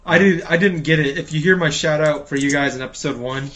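A young man co-hosting a podcast in casual chat, excitable and quick to laugh. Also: fairly high pitch. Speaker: podcast co-host. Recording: noticeable background noise.

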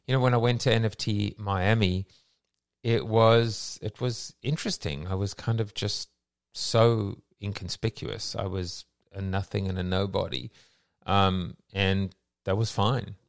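Low gravelly-voiced man hosting a chat. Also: fairly even intonation, a little slow, no room sound, studio quality. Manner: rambling and reflective, many fillers. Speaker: host of a daily online audio coffee chat. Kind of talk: casual chat.

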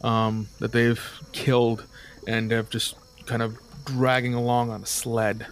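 A man's voice: mid-range voice, little pitch movement, measured pace, slight background noise. A man running a tabletop game as game master, describing scenes in a hesitant way with many fillers.

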